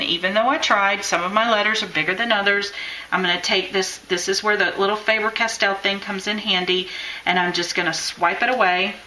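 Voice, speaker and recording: Her medium-pitched voice sounds pushed and bright as she teaches chalk lettering live, chatting and cheering viewers on while she draws. Audio quality is poor, with slight background noise.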